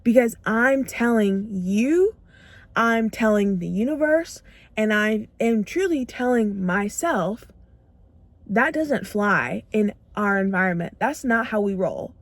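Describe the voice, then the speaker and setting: Speaking slowly to camera in a mid-range voice with lively intonation, a young woman delivers an emphatic self-growth pep talk, repeating phrases for effect and voicing her inner dialogue as quotes. There's no echo.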